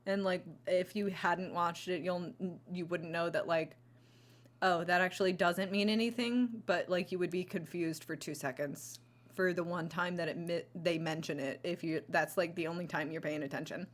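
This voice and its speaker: A woman's voice: fairly low pitch, fairly even intonation, moderate pace. A woman chatting casually into a close mic, reviewing movies on her vlog, rambling with lots of fillers and restarts. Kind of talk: casual chat.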